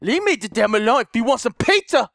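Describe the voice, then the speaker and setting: A man commentating a horror game, panicking loudly, swearing and laughing. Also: very high-pitched, big pitch swings, fast, gravelly, no echo, studio quality. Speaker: gamer commentator. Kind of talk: let's play commentary.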